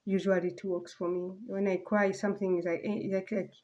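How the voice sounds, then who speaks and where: Brief: woman vlogger, mellow soft voice, halting and rambling, slips to near whispers. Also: mid-range voice, flat delivery, dull audio. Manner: halting, rambling, many fillers and restarts. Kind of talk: casual personal vlog monologue.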